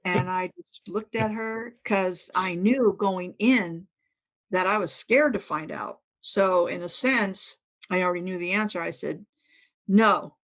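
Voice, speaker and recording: A woman's voice: on the low side, a little slow. A middle-aged woman, a guest author on a paranormal podcast, telling a personal story in casual conversation and acting out the dialogue of others. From Northern California. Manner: animated storytelling, quoting others in dialogue, frequent restarts.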